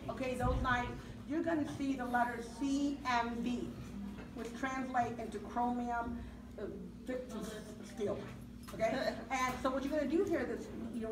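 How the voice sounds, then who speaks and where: A woman chef giving a product demonstration, telling stories to a live audience in an animated way, laughing through her lines and often checking in with "okay?". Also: fairly high pitch. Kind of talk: lively storytelling to a live audience. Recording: echoey room, distant mic, loud crowd and noise.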